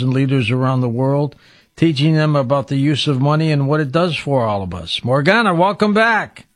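A male radio talk show host with a mid-pitched voice, recorded dry with no room sound. He is friendly and complimentary, and he asks his guest short, simple questions. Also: no echo. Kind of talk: late-night radio interview.

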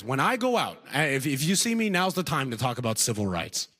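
A man doing stand-up comedy, animated, often laughing at his own jokes and slipping into voices. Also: mid-range voice, fairly quick, few pauses.

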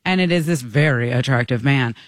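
A woman co-hosting a morning radio show, telling stories in an animated, gushing way. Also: extremely low pitch, brisk, no room sound, clean studio sound. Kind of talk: casual chat.

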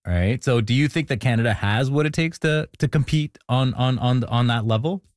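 A man's voice: mid-range voice, normal speed, dry recording, studio quality. A man hosting a panel discussion, putting playful questions to his guests. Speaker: host.

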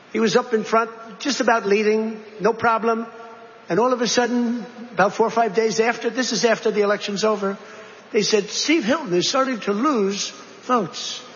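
A man's voice: high-pitched, fairly bright tone, slight background noise. Rambling man giving a political speech. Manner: rambling, repetitive, digressive. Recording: dull recording with long hall reverb.

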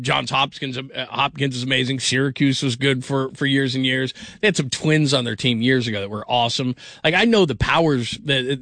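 A man's voice: mid-range voice, a bit bright, no room sound. A middle-aged man hosting a late-night sports call-in radio show, rambling casually with frequent laughs and restarts.

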